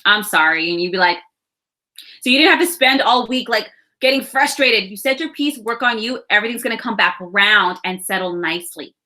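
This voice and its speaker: A woman in her thirties giving a casual, reassuring astrology and tarot reading to camera, chatty and warm-hearted, with laughs and sighs between thoughts. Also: a little high, a little fast.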